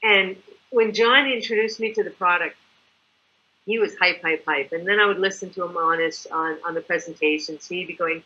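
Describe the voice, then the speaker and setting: On a recording with the highs cut off, a woman with a lowish voice speaks at normal speed. Living in Mexico, she presents for a product distributor in a lively, chatty sales talk, acting out examples along the way.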